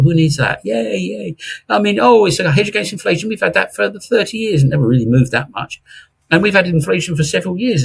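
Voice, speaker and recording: A middle-aged man talks markets in a casual interview with a husky, slightly breathy voice. He is animated and jokey, often restarting sentences and throwing in mocking asides. His pitch sits in the middle range. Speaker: investment commentator guest.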